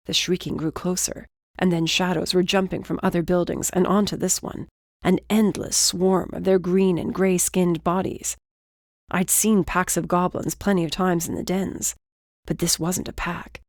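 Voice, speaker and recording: Low-voiced woman reading an audiobook. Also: little pitch movement, normal speed, no echo, studio quality. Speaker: audiobook narrator. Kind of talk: scripted narration.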